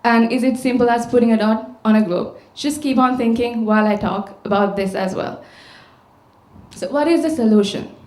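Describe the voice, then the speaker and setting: Sri woman speaker, slightly high voice, storytelling in an echoey hall, rhetorical questions. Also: moderate pace, a little mellow. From Sri Lanka. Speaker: conference speaker. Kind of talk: public talk. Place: large auditorium. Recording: echoey auditorium sound.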